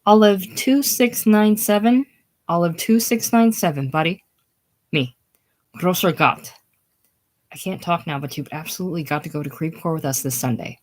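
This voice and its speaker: A woman reading the part of a bossy, fussing older woman in a casual play reading. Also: low-pitched.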